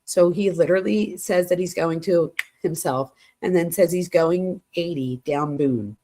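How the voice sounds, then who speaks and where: A woman's voice: lowish voice, a little slow, warm tone. A woman hosting a true crime show, reading text messages aloud and breaking in with shocked asides. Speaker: true crime host and psychology professor.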